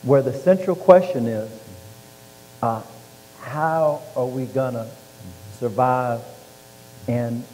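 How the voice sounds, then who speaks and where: A man recounts his life onstage and slips into the voices of the people in his stories. His tone is warm and mellow. The sound rings in a large reverberant hall over a faint hum. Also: medium pitch, slow pace, pauses often. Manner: animated storyteller acting out quoted voices. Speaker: author and former football player. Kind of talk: storytelling interview.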